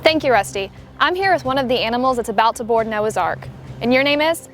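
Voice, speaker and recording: A woman playing a perky female TV field reporter in a kids' church comedy skit, interviewing in a bright, chirpy way. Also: on the high side, expressive, brisk, soft background music.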